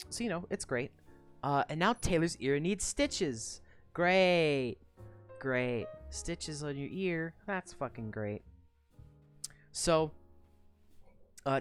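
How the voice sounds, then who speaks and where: A young woman streamer casually recapping a story, swearing freely, giggling and rambling with lots of fillers. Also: very deep voice. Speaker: streamer discussing a web serial.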